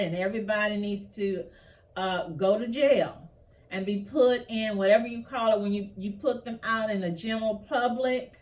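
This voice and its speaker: A woman's voice: medium pitch, moderate pace, distant mic. A woman hosting casual commentary on news cases, outspoken and passionately indignant. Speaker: commentary channel host.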